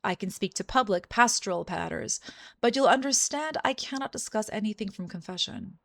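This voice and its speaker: A woman's voice: mid-range voice, expressive, gravelly, no room sound. A formal village priest, as a woman reads him aloud. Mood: calm, formal. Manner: measured, courteous reading of game dialogue. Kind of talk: reading game dialogue aloud.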